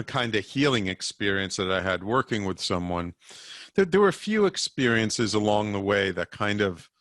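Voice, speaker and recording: A man who works as an energy healer, a guest on an interview show, telling animated anecdotes with stammered restarts. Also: mid-range voice, no room sound, studio quality. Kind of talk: casual interview storytelling.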